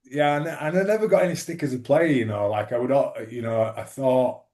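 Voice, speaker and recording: A man who once played rugby league rambles through stories in a casual interview, talking a little fast in a darkish, medium-pitched voice. Fillers and restarts crop up throughout.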